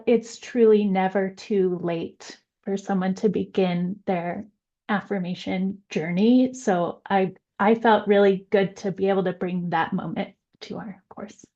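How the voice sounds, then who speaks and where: A woman on a panel telling a story slowly and gently. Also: medium pitch, dull audio. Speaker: presenter. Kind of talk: casual panel talk.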